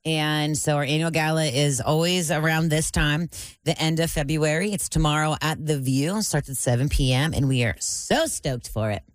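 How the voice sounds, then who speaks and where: A man's voice: on the high side, moderate pace, no echo. A man appearing as a guest on a radio show, talking about his charity's event in an enthusiastic, gushing way. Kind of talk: casual interview.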